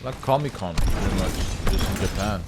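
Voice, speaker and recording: A man streaming a shooter game, chatting casually and swearing, with bursts of excited callouts. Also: sits low, normal speed, over loud music. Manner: loose, profane, excitable callouts. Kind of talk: casual chat while gaming. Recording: noisy game stream audio.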